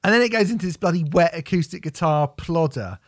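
A man's voice: on the high side, animated, brisk, no echo, clean studio sound. Sweary man ranting. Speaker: podcast co-host reviewing music. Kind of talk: casual chat.

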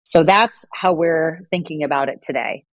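Guest exec, woman, middle-aged, fluent and articulate, low pitch. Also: normal speed, no echo. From Southern California. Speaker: guest executive. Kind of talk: podcast interview answers.

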